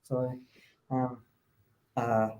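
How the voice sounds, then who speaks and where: A man's voice: medium pitch, flat delivery, very slow, darkish tone, rough recording. A man hosting a casual chat, rambling with lots of ums and restarts. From New Zealand.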